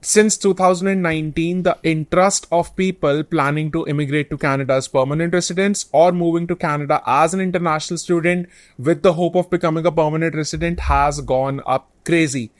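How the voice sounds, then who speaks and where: A man's voice: on the high side, steady tone, brisk, no room sound. A man hosting an advice channel, explaining study-abroad options earnestly and point by point. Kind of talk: direct-to-camera advice talk.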